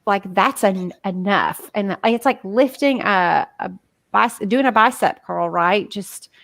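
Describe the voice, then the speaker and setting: A woman's voice: medium pitch, slow pace, vocal fry, fairly bright tone, dry recording. A woman talking casually on a podcast as a guest coach, chatty and full of filler words. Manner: chatty, many "like" fillers, acts out inner voices.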